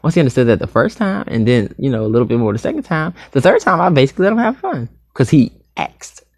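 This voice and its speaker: A sassy man speaks candidly to his viewers, his voice gravelly and full of fry. His pitch swoops up and down as he talks. The sound is close and dry. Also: fast, no room sound. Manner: sassy, animated, calls viewers honey and sugar; swings between loud outbursts and soft asides. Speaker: vlogger.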